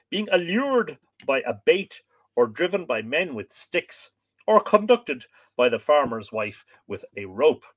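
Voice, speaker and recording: A man hosts a live stream, reading an old scholarly book aloud at an unhurried pace. His pitch rises and falls in a lively way, and he often breaks off to greet viewers and joke. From Ireland.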